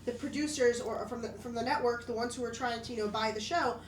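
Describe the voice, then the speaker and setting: High-voiced teasing woman, echoey crowded room. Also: fairly even intonation, fast, slight background noise. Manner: chatty, teasing. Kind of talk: casual chat. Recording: roomy echo with crowd chatter.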